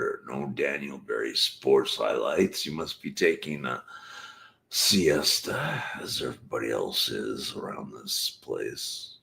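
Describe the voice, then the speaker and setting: A man's voice: extremely low pitch, gravelly, fairly bright tone. A man hosting his own late-night live stream, rambling casually to the chat. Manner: rambling, drifting, talking to the chat. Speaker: channel host.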